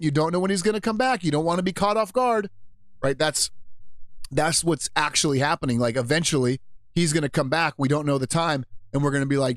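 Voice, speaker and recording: Guy hosting a live show, rambly and jokey, voice a bit high, dry close mic. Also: moderate pace, no echo. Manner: rambling, jokey, laughs at himself. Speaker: radio show host. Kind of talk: casual faith talk.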